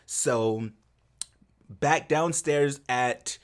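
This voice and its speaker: A man co-hosting a podcast, recapping a film scene in casual chat, animated, laughing often and acting out the characters' lines. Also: mid-range voice, very slow. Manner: animated storyteller, laughs often, acts out quotes. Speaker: podcast co-host.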